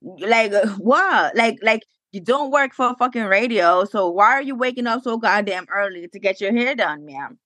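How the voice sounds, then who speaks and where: A woman's voice: mid-range voice, animated, moderate pace, bright, forceful tone, dry recording. A woman co-hosting a casual podcast, blunt and sassy, swearing freely. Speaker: podcast co-host. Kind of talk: casual chat.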